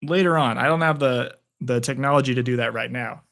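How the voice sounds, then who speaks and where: A man's voice: medium pitch, brisk, gravelly, a bit bright. A man chatting at home with viewers and calling the plays of a game live into a propped-up phone. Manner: chatty, rambling, talks to viewers. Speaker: streamer giving live play-by-play. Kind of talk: casual live play-by-play and chat. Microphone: phone propped on a picture frame.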